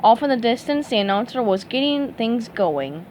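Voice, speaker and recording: A woman reading a children's storybook aloud with an expressive delivery. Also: a little high, normal speed, slight background noise. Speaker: reader.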